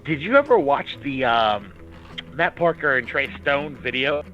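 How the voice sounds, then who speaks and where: A man's voice: fairly high pitch, huge pitch swings, unhurried, creaky, highs cut off, soft background music. A man in a casual talk-show chat, eagerly chiming in with a story. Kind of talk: casual chat over a video call.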